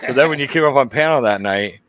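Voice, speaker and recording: A man's voice: medium pitch, lively intonation, fast talker, fairly bright tone, poor audio. A man hosting a casual chat, telling long, profane anecdotes full of asides. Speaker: show host.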